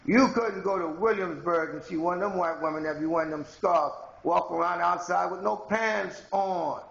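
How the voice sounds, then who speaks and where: Male vlogger from Haiti, slightly high and gravelly, confrontational rambling rant, dull lo-fi sound. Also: moderate pace, a bit bright, roomy sound. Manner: rambling, confrontational, addresses viewers directly. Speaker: video blogger. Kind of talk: ranting monologue to camera.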